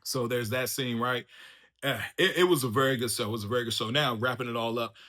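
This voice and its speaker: A man giving a casual, unscripted show review as the host of his own channel, loose and animated, laughing often and calling the listener "bro" and "man". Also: mid-range voice, fast. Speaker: YouTube reviewer.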